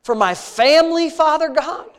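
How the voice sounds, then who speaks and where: A man with an extremely high, animated voice leads his congregation in spontaneous prayer at normal speed. The prayer is heartfelt and conversational, intimate in tone and full of repeated praise.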